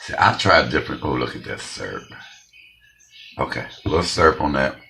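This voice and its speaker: A man's voice: very deep voice, very animated, brisk, gravelly, pushed and bright, a little hiss or hum. A man hosting a home cooking show, chatting bluntly and straight to viewers as he tastes his food. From Detroit, USA. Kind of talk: casual cooking vlog with tasting.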